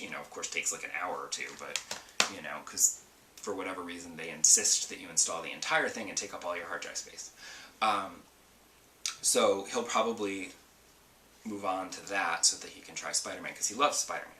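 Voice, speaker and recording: Give me a deep-voiced man rambling through a casual podcast, recorded a bit far off in an echoey room. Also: moderate pace, sharp tone, a little hiss or hum. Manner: rambling, chatty with many ums and asides. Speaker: podcast host. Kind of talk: casual solo gaming podcast.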